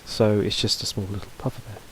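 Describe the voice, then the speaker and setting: A man's voice: on the low side, flat delivery, fast talker, slight background noise, low-quality recording. A man teaching a casual video lesson, talking loosely with fillers and restarts. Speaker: language teacher.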